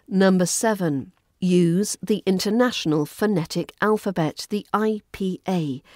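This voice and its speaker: A woman with a Southern English RP accent hosting a podcast lesson in a clear, measured, instructive way. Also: fairly low pitch, darkish tone, no echo, clean studio sound. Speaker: accent coach and podcast host.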